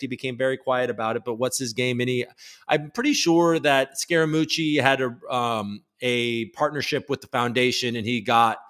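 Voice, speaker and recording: A man's voice: mid-range voice, fairly bright tone, clean tone. Rambling, jokey male livestream host. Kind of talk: casual livestream chat, reading viewer comments.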